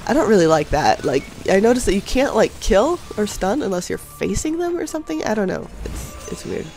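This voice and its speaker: A man's voice: sits high, sing-song, fairly quick, gravelly, a little mellow. Stuffy-nosed young man commentating gameplay. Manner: chatty, self-deprecating, laughs often. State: stuffy nose from a cold. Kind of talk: casual voice-over game commentary. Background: faint background music.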